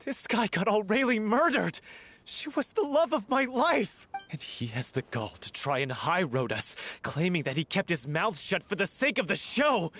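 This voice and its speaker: An actor playing a grieving, hot-tempered male theatre troupe member who accuses and shouts in a video game. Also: sits high, dry recording, full character voice. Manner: accusing, furious.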